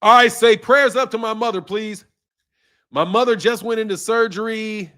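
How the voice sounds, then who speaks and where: A man's voice: high voice, moderate pace, bright, forceful tone. A man hosting a boxing live stream, answering viewers' comments in a blunt, combative, profane way and laughing often. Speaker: boxing channel host.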